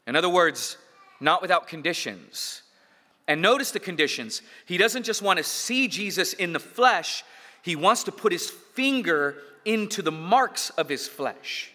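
A man's voice: high voice, very animated, measured pace, sharp tone. A man preaching a sermon as pastor, emphatic, building points through repetition and dropping in casual asides. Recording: long hall reverb.

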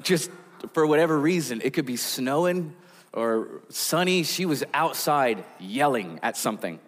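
A man's voice: mid-range voice, expressive, unhurried. A man, a pastor, preaching a sermon in a conversational storytelling way with frequent fillers. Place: church sanctuary. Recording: long church hall reverb.

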